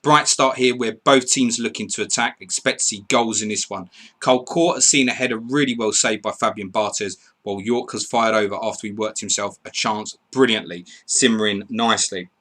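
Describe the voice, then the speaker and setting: A man hosting a live stream, chatting casually, reading out score updates and viewer messages in an excitable way. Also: lowish voice, fairly quick. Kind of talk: casual live commentary and chat.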